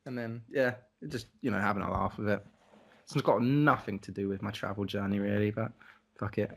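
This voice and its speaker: A man's voice: lowish voice, a little fast, vocal fry, breathy edge. A young man co-hosting a podcast, telling a travel story in casual chat, rambling and swearing with lots of "like".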